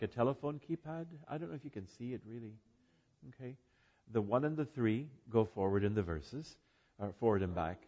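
A man's voice: fairly low pitch, darkish tone, highs cut off. An older man giving an informal talk to a group, rambling with asides and self-corrections. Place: room with an audience.

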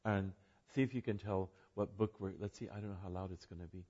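Husky older man giving a chatty talk. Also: low-pitched, steady tone, fast talker, mellow, lo-fi sound. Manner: chatty, rambling asides with self-corrections and laughs. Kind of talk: informal presentation to a group. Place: room with an audience.

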